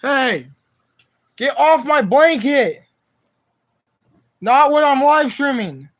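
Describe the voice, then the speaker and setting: A man's voice: very high voice, animated, takes it slowly. A young man live streaming from home on his phone, chatting to his cat in slangy, profane speech. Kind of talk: casual live stream chat.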